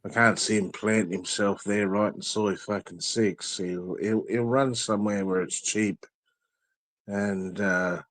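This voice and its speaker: A man's voice: on the low side, fairly even intonation, unhurried, fairly bright tone, dry recording. A man, ranting angrily and profanely as a guest in a casual chat, full of threats. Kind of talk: angry rant in casual chat.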